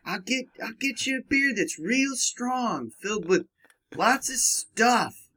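A man voicing a sinister, sweet-talking female bartender in a high, syrupy voice. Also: animated, slow pace, bright, forceful tone, exaggerated voice.

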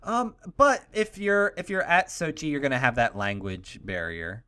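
A young man hosting a podcast, rambling through jokey hypotheticals with deadpan asides in casual chat. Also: on the high side, moderate pace, clear, resonant tone. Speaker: podcast host.

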